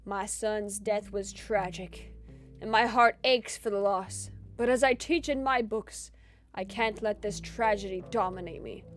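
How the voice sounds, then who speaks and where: A woman voicing a composed middle-aged mother who writes self-help books, speaking calmly and with restraint. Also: medium pitch, unhurried, faint music behind, voice pushed down, natural voice.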